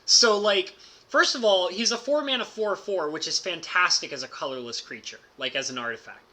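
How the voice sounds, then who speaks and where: A man with a strikingly bright, forward voice tells a casual story as a streamer. He talks excitably and leans heavily on "like" fillers, laughing as he goes. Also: high-pitched, moderate pace. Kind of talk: casual storytelling about a card game.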